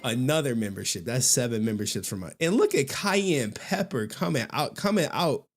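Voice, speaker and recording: A man's voice: mid-range voice, expressive, normal speed, background noise. A man hosting a live stream in casual commentary, slangy and laughing, with repeated asides.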